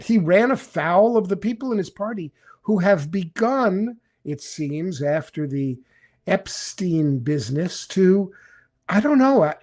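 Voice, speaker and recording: A man's voice: high-pitched, a little mellow. Rambling older man, political guest. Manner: rambling, many restarts and fillers. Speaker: guest, former congressman. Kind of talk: political discussion on a live stream.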